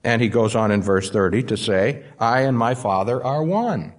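A man's voice: mid-range voice, animated, normal speed. A man preaching a sermon, stressing key words by repeating them. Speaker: pastor.

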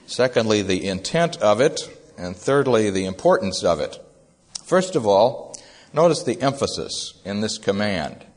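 A man preaching an expository sermon, speaking in a measured, deliberate way with frequent pauses. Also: on the low side, big pitch swings.

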